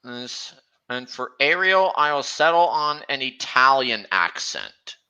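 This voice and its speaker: A man chatting casually on a stream, talking slowly and haltingly with frequent restarts. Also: mid-range voice, big pitch swings, sharp tone, clean tone, lo-fi sound. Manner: halting, many restarts, slow and meandering. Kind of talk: casual chat.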